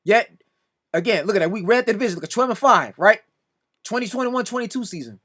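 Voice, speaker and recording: Man, high and sharp-toned, casual reaction commentary, exasperated and repetitive. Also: lively intonation, fast. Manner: exasperated, repeatedly pleading "come on now"; addresses another commentator directly. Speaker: sports reaction video host.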